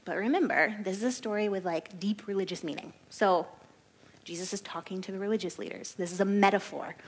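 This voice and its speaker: A woman giving a casual Bible study, chatty and animated, often laughing and saying "like". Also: medium pitch, brisk, breathy edge. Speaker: Bible teacher.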